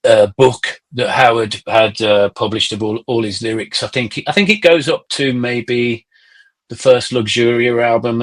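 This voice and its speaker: Middle-aged male guest, chatty anecdotal storyteller, stumbles and restarts, mid-pitched voice. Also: a bit bright. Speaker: podcast guest, musician. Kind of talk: casual conversation.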